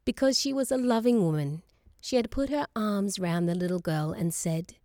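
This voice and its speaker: A woman's voice: mid-range voice, no room sound. Woman reading a novel, dry close mic. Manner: measured, expressive storytelling. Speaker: audiobook reader. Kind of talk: scripted narration.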